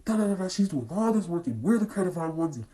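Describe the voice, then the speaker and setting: A teenage girl putting on a furious male teacher in a storytime vlog, lecturing a student in a lowered, booming voice. The tone is mellow and dark, and the words come out as a relentless scolding rant. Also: slow pace. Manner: ranting, scolding.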